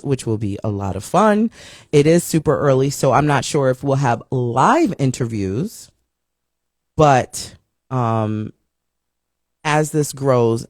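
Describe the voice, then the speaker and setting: A woman's voice: rumbling low, a little mellow, no echo. A woman hosts a casual live-stream show in a chatty, upbeat way, greeting viewers and reading their comments aloud. The sound is dry, with no room around it.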